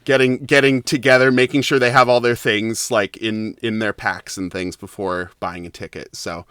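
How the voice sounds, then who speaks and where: A man's voice: on the low side, steady tone, moderate pace, bright, forceful tone, clear, resonant tone, dry recording, studio quality. A man narrating as game master of a tabletop game, rambling with lots of fillers.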